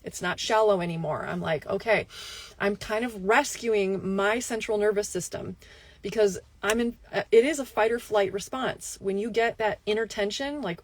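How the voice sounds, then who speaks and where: A woman health coach giving a motivational talk to camera, telling a personal story with lively asides and checking in with "right?". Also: mid-range voice, moderate pace. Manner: animated storytelling, frequent "right?" asides and laughs.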